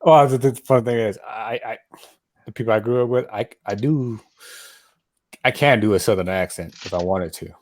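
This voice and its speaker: A man's voice: lowish voice, normal speed, no echo. A man from Colorado chatting casually on a podcast, rambling and repeating himself as he talks. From Colorado, USA. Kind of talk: casual chat.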